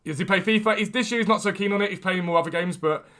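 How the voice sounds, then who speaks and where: Young man, gaming streamer, upbeat and chatty, fairly high voice, bright forceful tone. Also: fast talker. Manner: energetic and chatty. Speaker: game streamer. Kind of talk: casual live-stream talk.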